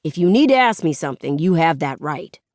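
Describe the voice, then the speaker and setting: A woman voicing a calm, reassuring female lawyer in an audiobook. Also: low-pitched, fairly quick, no echo.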